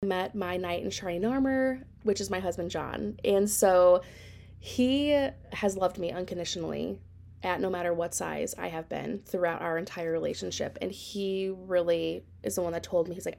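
A woman's voice: on the low side, normal speed, creaky, a little mellow. A woman in her thirties hosting a podcast, telling her personal story in a candid, reflective way with frequent fillers. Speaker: podcast host.

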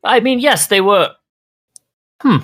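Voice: medium pitch, animated, takes it slowly, a bit bright, pitched above the performer's own voice. A game master voicing an elderly, suspicious woman alchemist who dithers and speaks formally. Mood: confused. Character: elderly wary sharp-tongued woman alchemist.

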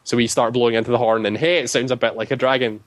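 A man casually recounts a tabletop game session, rambling and leaning heavily on "like" as a filler. He speaks fast, with a medium pitch and a steady tone.

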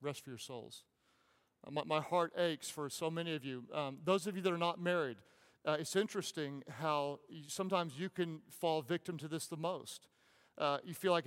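Male pastor, fervent sermon delivery, slightly higher voice, long church reverb. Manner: impassioned, repeats phrases, drops to soft pauses.

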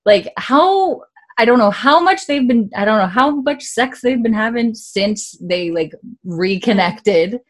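A woman's voice: on the high side, animated, unhurried. A woman co-hosting a podcast, recapping a TV episode in a casual, rambling way full of fillers and restarts. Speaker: podcast co-host.

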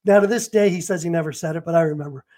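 Very fast and fairly high, with a dark tone, this is a fifty-something man from Los Angeles who sells real estate and coaches. Guesting in an interview, he tells stories and plays out phone calls and quotes.

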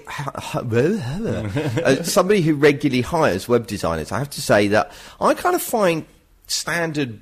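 A middle-aged man chats as a podcast co-host. His husky voice swoops up and down a lot, and he drifts between casual advice and playful, self-mocking rants. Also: mid-range voice.

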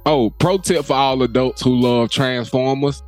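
Casual podcast co-host, young adult man, lively swearing storyteller, faint music bed. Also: mid-range voice, measured pace. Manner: animated storyteller, laughs often, swears freely. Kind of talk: casual chat.

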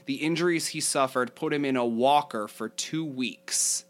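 A man's voice: mid-range voice, moderate pace. A man reading a news article aloud as a podcast co-host, stopping for asides and laughing at the story. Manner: reads quotes aloud, laughs often at the story; breaks off with fillers and asides.

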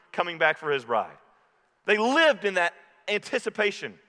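A man preaching a sermon as pastor, impassioned, dropping low and quiet when he quotes scripture. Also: very animated, normal speed. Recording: reverberant hall.

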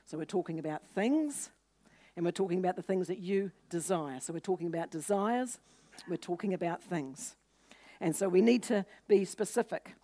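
A woman's voice: normal speed, warm tone. A woman preaching a sermon, teaching earnestly and acting out scripture scenes with lifted voices for quoted speakers. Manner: voices quoted people with lifted pitch and force.

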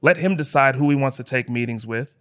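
A man's voice: mid-range voice, brisk, fairly bright tone. Conversational man reasoning aloud on a podcast. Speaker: podcast co-host. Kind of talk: casual podcast discussion.

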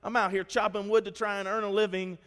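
A preacher acting out a frantic young woodcutter. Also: male voice, high voice, little pitch movement, fast, fairly bright tone, clean tone, pitched above the performer's own voice. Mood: distressed. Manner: distressed wailing plea. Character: desperate young male woodcutter pleading. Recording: long hall reverb.

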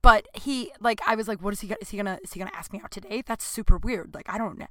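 A woman's voice: medium pitch, rapid-fire, sharp tone, dry recording. Flustered, rambling woman in her late thirties. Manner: rambling, flustered, swears freely. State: nervous. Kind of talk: casual confessional monologue.

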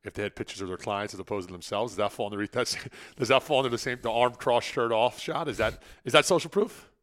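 Male co-host, rapid and wry, fairly low voice, dry studio sound. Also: a bit bright, no echo. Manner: brisk, quick questions and wry teasing. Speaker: podcast co-host. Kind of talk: casual podcast chat.

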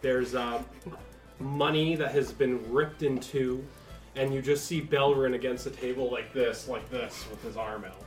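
Animated man narrating as game master. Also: mid-range voice, a little slow. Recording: echoey room, faint music.

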